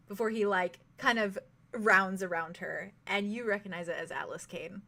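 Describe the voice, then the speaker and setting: A young woman narrating as game master in a tabletop game, halting, with many fillers and giggles. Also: medium pitch, vocal fry, bright, forceful tone.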